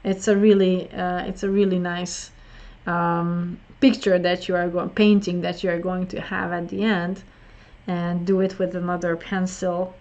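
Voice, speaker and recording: A woman teaching an online English listening lesson, slow and explanatory, often repeating words for emphasis. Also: on the low side, little pitch movement, a little mellow, lo-fi sound.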